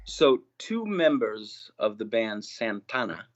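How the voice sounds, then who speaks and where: A man asking trivia questions in a casual chat, relaxed and hesitant with many pauses. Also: lowish voice, highs cut off. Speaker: trivia guest.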